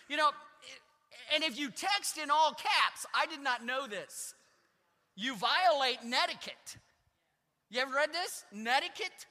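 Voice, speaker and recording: With an extremely high-pitched, sharp-toned voice, a middle-aged man delivers a conversational, joking sermon as pastor. He ribs the congregation and mocks himself in asides, and the church sanctuary leaves a long reverb on the recording.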